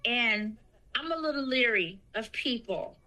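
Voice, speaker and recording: A woman tells her own story in a slow, unhurried way. Her voice is bright and fairly high, and she leans into the lines she quotes. A little music plays faintly behind her. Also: animated, rough recording. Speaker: guest. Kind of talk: telling a personal story.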